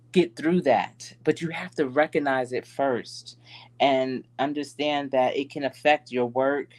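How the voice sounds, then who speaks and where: A woman's voice: extremely low pitch, a little mellow. A middle-aged woman coach telling a story in a casual motivational talk, laughing often and calling her listeners y'all. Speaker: life coach.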